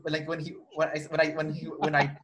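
A fast-talking man with a fairly high voice is the guest in an interview, animatedly telling a personal story in casual talk. He voices the lines of the people involved and frequently starts over.

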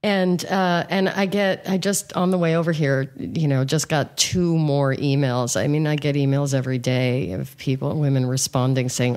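A woman's voice: low-pitched, fairly even intonation, normal speed, hardly any pauses, a little mellow. A woman guest and coach on a podcast, talking frankly and with animation, with many fillers. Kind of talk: casual conversation.

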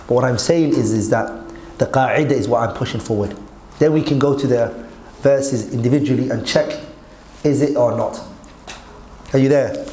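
A man's voice: medium pitch, dark tone, reverberant, a little hiss or hum, rough recording. A man teaching Arabic grammar in an online lesson, quizzing his students and mixing Arabic quotes with English.

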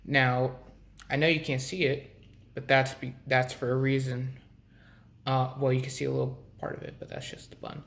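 A young man talking casually to his vlog viewers, rambling with restarts and frequent throat clearing. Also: mid-range voice, level tone, normal speed, a bit bright. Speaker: vlogger.

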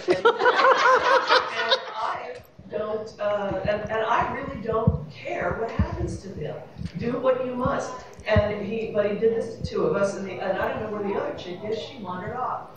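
A woman's voice: on the high side, big pitch swings, moderate pace, heavy background noise. Wry New woman telling a story in an echoey hall. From New York City. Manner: wry, rambling, laughing storyteller. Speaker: panelist. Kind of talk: anecdotal panel storytelling. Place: convention panel room, echoey. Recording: echoey room from far off, audience murmur.

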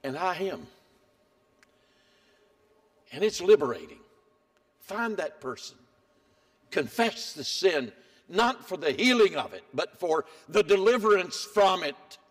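Emphatic high-voiced older preacher. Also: male voice, animated, takes it slowly, long pauses. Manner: dramatic swings between hushed and emphatic. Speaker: pastor. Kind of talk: sermon. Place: church sanctuary.

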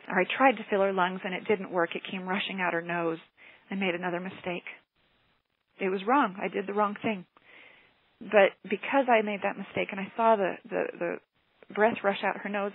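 A woman's voice: mid-range voice, slightly rough, no room sound. A woman teacher and motivational speaker telling a personal story in an earnest, reflective way, heard over a telephone line. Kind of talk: personal story told in a teleclass. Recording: tinny phone line, dry.

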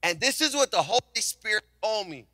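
A man preaching a sermon as senior pastor, telling a story with animated delivery and acted-out voices. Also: high voice, a little fast, no echo, studio quality.

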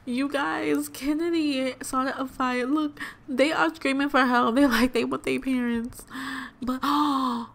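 A woman's voice: high voice, fairly even intonation, slow, creaky, a bit bright. Chatty young woman doing game commentary. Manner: chatty, exclamatory, addresses viewers as y'all. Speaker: let's play host. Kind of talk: casual gameplay commentary.

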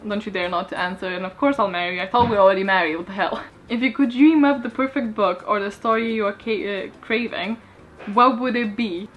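A young woman, a book YouTuber whose voice is going hoarse, reading viewer questions aloud and answering them in a casual chat. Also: mid-range voice, a little fast, dull audio. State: hoarse, losing her voice.

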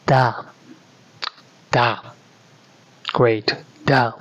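A man's voice: medium pitch, slow, long pauses, dry recording. A man from Georgia with a Georgian accent, teaching a beginner language lesson and patiently repeating each word many times. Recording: dull, dry lo-fi audio.

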